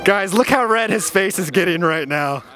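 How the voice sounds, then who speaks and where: A man's voice: high-pitched, animated, moderate pace, bright, forceful tone, faint music behind. A man doing playful, teasing comic interviews with strangers at a busy travel expo. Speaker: street interviewer.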